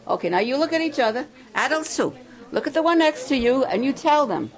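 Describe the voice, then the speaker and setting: A woman giving a devotional talk to campers and adults, asking the crowd questions and slowing down to stress key words. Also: high-pitched, expressive, poor audio. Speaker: camp speaker.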